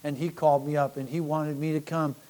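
Folksy rambling preacher, mellow-voiced man. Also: on the high side, level tone, fairly quick. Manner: rambling, self-deprecating, repeats words, swings from quiet to loud. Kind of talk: folksy sermon.

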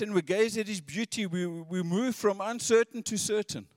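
A man's voice: high voice, normal speed, a little mellow, dry recording, studio quality, long reverb tail. A man preaching a sermon in an earnest, conversational way, often repeating his words.

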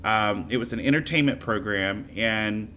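A man from Louisiana who tells stories in a chatty, animated way during a casual interview. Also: fairly low pitch, normal speed, slight background noise.

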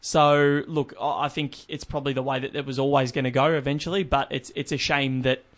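A man's voice: mid-range voice, flat delivery, brisk. A young man hosting a casual sports chat, rambling with frequent restarts. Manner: rambling, many restarts and "look" fillers. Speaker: podcast host.

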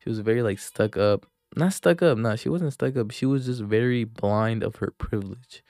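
Speaking into a handheld microphone, a young male podcast host tells a rambling story in casual chat, full of profanity and filler words. His medium-pitched voice has a darkish tone and a moderate pace. The sound is dry, clean studio audio.

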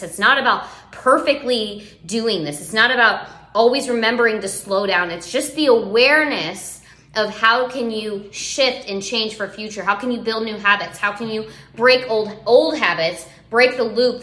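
A woman's voice: medium pitch, sharp tone. A woman in her thirties, a parent, talking in a casual, chatty way with lots of "like" fillers. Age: 30s. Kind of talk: casual chat. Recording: roomy echo.

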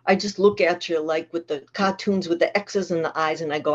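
A woman's voice: fairly low pitch, steady tone, fairly quick, few pauses, dull audio. A middle-aged woman with a Boston accent, speaking candidly and plainly at a twelve-step meeting, with frequent restarts. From Massachusetts. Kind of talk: personal recovery share.

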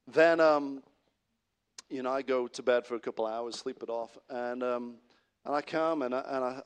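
Animated male preacher, rising pitch. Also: smooth. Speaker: pastor. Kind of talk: sermon.

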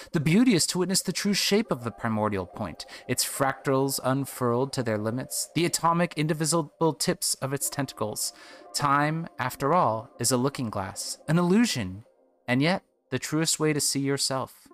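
A man voicing a grand, dreamy harp-playing creature in a game, speaking slowly and solemnly. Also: mid-range voice, expressive, fairly bright tone, faint music behind, natural voice. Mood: mystical.

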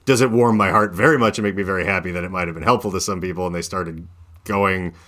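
A man with a fairly low voice rambles through a casual podcast conversation. He tells stories in an animated way, stacking up fillers and restarts as he goes. He sounds like someone in his thirties. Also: quick pace. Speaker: podcast host. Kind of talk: casual chat.

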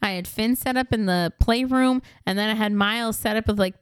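A woman's voice: medium pitch, brisk, clear, resonant tone, no echo, studio quality. A woman in her thirties co-hosting a podcast, telling stories animatedly and laughing often. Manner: animated storytelling, mimics voices, laughs often. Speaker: podcast co-host. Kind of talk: casual chat.

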